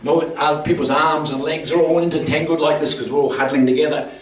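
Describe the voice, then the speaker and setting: An older pastor delivers an animated storytelling sermon in a fairly high voice. His voice rings around a large, echoing church, picked up from some distance away from the mic. He laughs easily as he talks. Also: quick pace.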